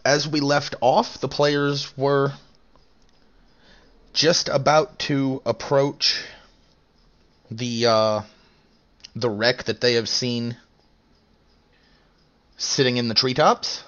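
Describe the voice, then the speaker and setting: A young man narrates a tabletop game as game master. He speaks very slowly, hesitates often and fills the gaps with "uh". The recording sounds a little dull and lo-fi. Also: medium pitch, level tone, a bit bright. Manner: slow, hesitant, many fillers.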